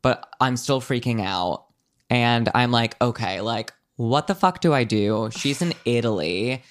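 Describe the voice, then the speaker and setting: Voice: mid-range voice, animated, a little slow. Casting: young adult podcast co-host, casual, chatty, rambling, swears freely. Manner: rambling, filler-heavy, swears often. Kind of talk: casual chat.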